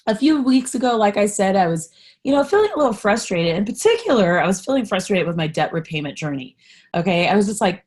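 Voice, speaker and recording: A woman with a medium-pitched voice hosts a casual solo podcast at a moderate pace. She's candid and chatty, self-deprecatingly sarcastic, animated, and passionately encouraging.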